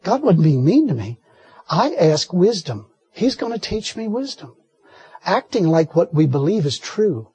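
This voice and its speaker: A man preaching a sermon with folksy, animated storytelling and frequent laughter. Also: high-pitched, unhurried, husky, no room sound.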